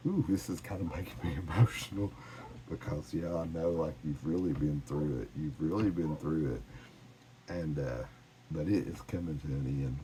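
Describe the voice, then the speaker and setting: A man giving a casual, encouraging tarot reading, gently reading card messages aloud. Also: very deep voice, unhurried, slight background noise, low-quality recording. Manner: gentle, encouraging, reads cards aloud with laughs. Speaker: tarot reader.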